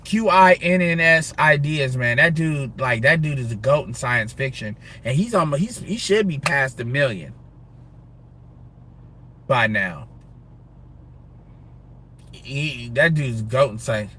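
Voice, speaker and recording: A man's voice: medium pitch, animated, unhurried, long pauses, sharp tone, slight background noise. A man ranting casually on a live stream, profane and rambling, breaking into laughter. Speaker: livestreamer.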